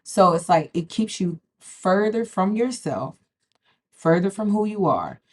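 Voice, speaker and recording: A woman with an expressive mid-range voice speaks a little slowly to camera in a casual spiritual vlog. She's emphatic, repeats words, and regularly checks in with "okay?"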